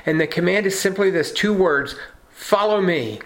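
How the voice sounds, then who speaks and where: A man's voice: high voice, a little fast, fairly bright tone. A man preaching a sermon in an earnest, emphatic way, asking rhetorical questions. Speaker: pastor.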